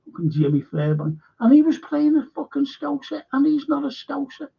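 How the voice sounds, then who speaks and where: A man with a very high-pitched, gravelly, very animated voice hosts a casual live stream at a moderate pace. He rambles bluntly and swears often, and the stream audio is dull and lo-fi.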